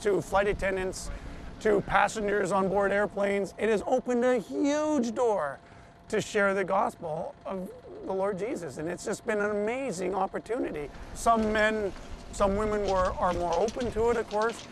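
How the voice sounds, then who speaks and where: High-voiced man telling a story. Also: normal speed. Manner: animated retelling that acts out quoted voices. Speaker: interviewee, survivor telling his story. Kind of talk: personal storytelling in a TV interview.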